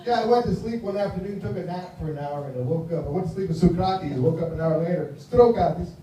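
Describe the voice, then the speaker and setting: A man's voice: high-pitched, fast, dark tone. Mumbling American comedian in his fifties. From United States. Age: 50s. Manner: mumbling, rambling delivery. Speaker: stand-up comedian. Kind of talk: stand-up comedy set. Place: live comedy venue. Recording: very echoey room, voice from far off, faint noise.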